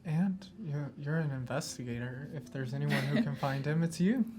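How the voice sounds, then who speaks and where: A woman playing a tabletop role-playing game, speaking in character in a halting, thoughtful way. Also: low voice, noisy background. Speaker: player. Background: faint music.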